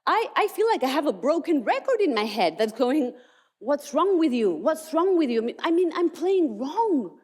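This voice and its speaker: A woman's voice: high-pitched, very animated, moderate pace, pitched above the performer's own voice. A woman speaker voicing a discouraged male athlete who doubts himself. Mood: anxious. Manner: anxious, self-doubting.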